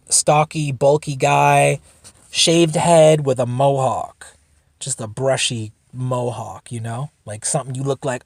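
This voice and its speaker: A man's voice: mid-range voice, vocal fry, no room sound. A man hosting a solo podcast, telling a story in a rambling, laid-back way, swearing freely. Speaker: podcast host. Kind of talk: casual storytelling.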